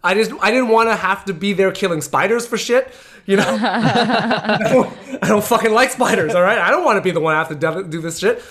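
A man's voice: high voice, a little fast, fairly bright tone. Man, casual chat, frank, self-mocking, swears.

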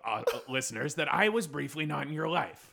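A man's voice: a little high, expressive, moderate pace, gravelly, pushed and bright. A man co-hosting an improvised comedy podcast, telling stories with lots of energy and acting out movie scenes. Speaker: podcast co-host.

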